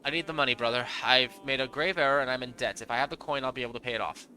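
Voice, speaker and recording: A man's voice: mid-range voice, very fast, pushed and bright. A man reading the lines of a clever, earnest young male illustrator in a game, with some hesitant restarts, in a noisy home recording.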